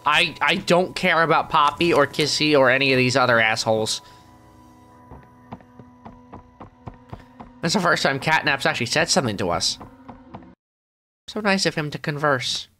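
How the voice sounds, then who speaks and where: A man's voice: on the high side, normal speed. A man doing a grumpy sarcastic squid. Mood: grumbling. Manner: sarcastic, grumbling, deadpan asides. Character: grumpy middle-aged male squid, sarcastic and weary. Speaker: let's play gamer. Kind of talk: character let's play commentary.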